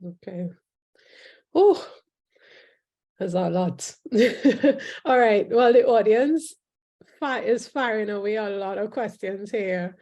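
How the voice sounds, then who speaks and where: A woman moderating live audience questions in a relaxed, easygoing way. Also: medium pitch, takes it slowly, dull audio. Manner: easygoing, laughs between questions.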